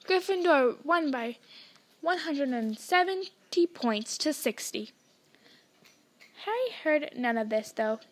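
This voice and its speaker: A woman reading a novel aloud as a podcast host, in a plain, slightly halting manner with small slips. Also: sits high, animated. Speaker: audiobook reader, podcast host.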